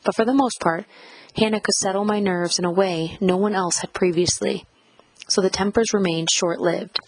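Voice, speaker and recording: A woman narrating a first-person audiobook in a measured, reflective reading style. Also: medium pitch, fairly even intonation, dry recording, rough recording.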